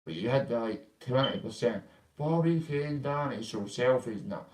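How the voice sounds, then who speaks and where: A man's voice: medium pitch, expressive, normal speed, rough recording. Rambling, foul-mouthed Scottish man. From Dundee, Scotland. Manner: rambling, heavy swearing, Scots grammar. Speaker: storyteller. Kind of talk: casual spoken anecdote.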